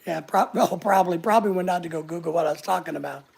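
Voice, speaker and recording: A man hosts a casual livestream from his living room couch. He jokes around and reads out his viewers' comments. His voice has a gravelly, fry-edged texture. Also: sits high, fast talker. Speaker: livestream host. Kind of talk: casual live chat.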